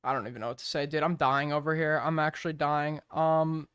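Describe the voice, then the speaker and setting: A man's voice: fairly high pitch, little pitch movement, brisk, a bit bright, clear, resonant tone. A sleep-deprived male streamer reacting casually to clips, profane, exasperated and rambling.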